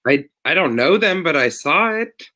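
A woman's voice: low-pitched, animated, moderate pace, bright, forceful tone, no room sound. A woman co-hosting a casual podcast chat, bantering in a wry, playful way. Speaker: podcast co-host.

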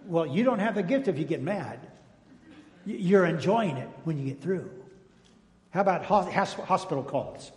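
A man's voice: high voice, lively intonation, moderate pace, darkish tone. An older male pastor preaching a sermon in a folksy, joking way, calling out to his congregation. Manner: folksy, jokey preaching with call-outs to the congregation. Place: church sanctuary. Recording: echoey church hall.

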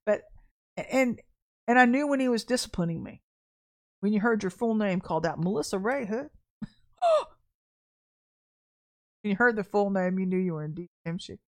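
A woman preaches in a loose, conversational way for her podcast, slipping into anecdotes and laughing as she tells them. Her voice sits at an ordinary middle pitch, and she acts out the people she quotes. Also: fairly quick. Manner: animated storytelling with laughter and acted quotes. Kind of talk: casual sermon.

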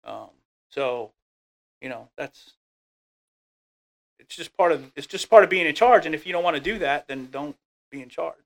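A man's voice: a little high, normal speed, gravelly, pauses often. A middle-aged man in casual conversation, telling leadership stories and acting out the people he quotes. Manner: animated storyteller, acts out quoted voices. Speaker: guest speaking on leadership.

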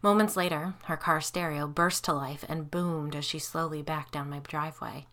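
A woman narrating a first-person supernatural story in a measured, even way. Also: low voice. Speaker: audiobook narrator.

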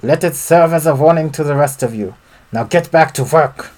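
A man's voice: on the high side, moderate pace, pitched above the performer's own voice, close to an everyday voice. A man voicing a stern, cruel mine foreman with an exaggerated German accent. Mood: threatening. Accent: German (put on). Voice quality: exaggerated put-on accent, raised and loud.

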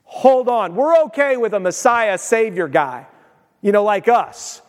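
Male pastor, high voice, emphatic and chatty sermon delivery, ringing church acoustics. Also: animated, unhurried, in a large hall. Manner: emphatic, conversational preaching with asides.

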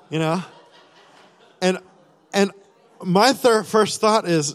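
This sermon testimony comes from a man with a high-pitched voice who speaks unhurriedly, leaving long pauses. Rambling with many fillers and restarts, he acts out his thoughts and prayers, and the large hall gives it a long reverb.

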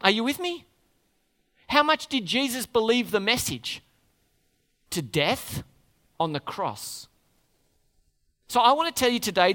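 An animated man preaches a sermon and keeps putting questions to his congregation. His voice sits high and bright, and it rings through a church hall with a long reverb.

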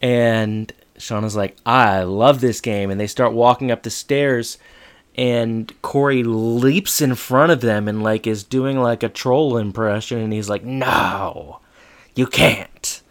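A man with a mid-pitched voice co-hosts a podcast in relaxed, casual chat. He retells a TV episode in a chatty way, quoting the characters' dialogue and adding quick asides. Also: smooth. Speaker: podcast co-host.

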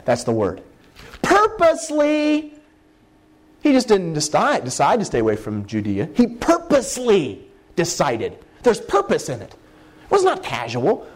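A man delivers a sermon like a Bible study, speaking in a relaxed, conversational way. His voice sits a little high and swings widely in pitch as he animates his points. He slows down to lean on the words he wants to stress. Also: slightly rough. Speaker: preacher.

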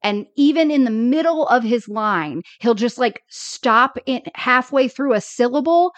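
A woman's voice: on the high side, a little slow, no echo. A woman co-hosting a podcast, chatting casually about old sitcom episodes and acting out characters' lines when she quotes them. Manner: animated, acts out characters' lines when quoting. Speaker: podcast co-host. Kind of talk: casual chat recapping TV episodes.

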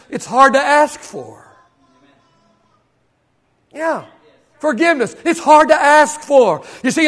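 A male pastor preaching a sermon to his congregation, repeating key phrases for emphasis. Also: very high voice. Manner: preaching with emphatic repetition, leading the congregation in call-and-response. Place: church service.

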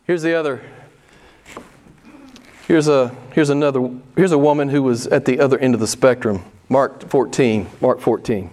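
A man's voice: medium pitch, moderate pace, darkish tone. A male pastor preaching a sermon, emphatic and repeating his key phrases for weight.

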